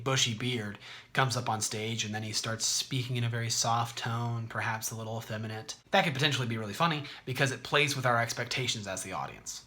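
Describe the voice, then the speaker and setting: A man hosting an explanatory video, talking in a conversational, clear way. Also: medium pitch, bright, forceful tone. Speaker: host.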